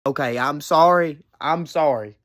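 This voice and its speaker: A woman's voice: deep voice, unhurried, very noisy. A woman reacting to clips in casual commentary, incredulous and swearing, laughing between remarks. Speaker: reaction video host.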